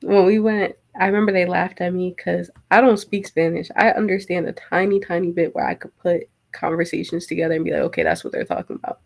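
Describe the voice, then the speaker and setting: Woman, podcast guest, casual chat, gravelly fry, chatty storyteller. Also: fairly low pitch, steady tone. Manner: chatty storyteller, quick to laugh.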